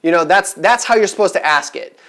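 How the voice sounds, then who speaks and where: A man's voice: sits high, brisk, a bit bright. A man talking casually to camera in a vlog, chatty and rambling with many fillers, upbeat and eager. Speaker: vlogger giving resale advice.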